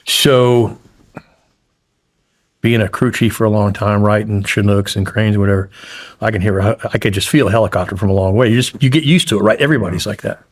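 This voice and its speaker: A man's voice: on the low side, brisk. A middle-aged man, a guest on a podcast interview, telling his story bluntly with plenty of swearing. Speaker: guest, former hostage.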